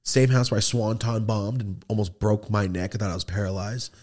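A man's voice: fairly low pitch, level tone, a little fast, darkish tone. A man in his thirties hosting a podcast, telling a casual, profane story and acting out the quoted voices. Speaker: podcast host. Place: podcast studio.

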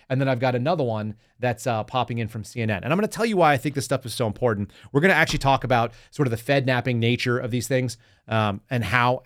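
Sarcastic man hosting a political podcast. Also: medium pitch. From Texas. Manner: sarcastic, mocking; talks to the audience directly, reads news aloud. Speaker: podcast host.

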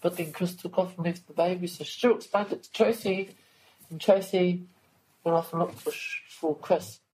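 A woman's voice: on the low side, fairly even intonation, normal speed, mellow, rough recording. A woman recounting events in a recorded account, emotional, swearing and acting out what people said. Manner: emotional, swears, re-enacts dialogue.

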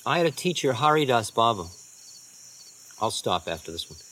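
A man, a spiritual teacher, telling unhurried rambling anecdotes with soft trailing asides. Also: medium pitch, big pitch swings. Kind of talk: storytelling talk.

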